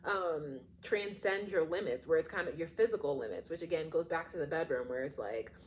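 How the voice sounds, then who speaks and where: Chatty woman tarot reader, low voice. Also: expressive, quick pace, darkish tone, a little hiss or hum. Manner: chatty, rambling, lots of "like" fillers; acts out imagined quotes. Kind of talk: casual tarot reading.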